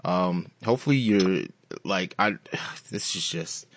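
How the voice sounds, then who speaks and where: A man's voice: low voice, animated, slow, gravelly, noisy background. A man co-hosting a podcast, speaking earnestly and with emphasis. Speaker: podcast co-host. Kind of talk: casual podcast talk.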